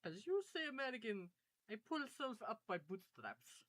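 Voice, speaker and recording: A woman voicing a gruff Soviet Union figure in broken English with a mock Russian accent, terse and deadpan, for a comedy podcast. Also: on the high side, moderate pace, dry recording. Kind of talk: comedic podcast role-play.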